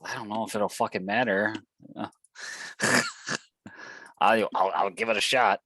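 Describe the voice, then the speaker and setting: A man's voice: fairly low pitch, steady tone, a little slow, sharp tone, dry recording. A man playing a tabletop game, casual and joking, swearing now and then. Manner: joking, swears, laughs between lines. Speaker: player.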